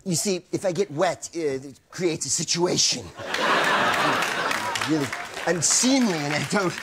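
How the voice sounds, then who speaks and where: A man improvising a gremlin owner in put-on accents, playing it loud and comic in front of a studio audience. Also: a little high, unhurried, over a noisy crowd, heavy background noise, natural voice. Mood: nervous rambling. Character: gremlin-owning man doing Scottish, Aussie and Woody Allen turns. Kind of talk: improv comedy scene.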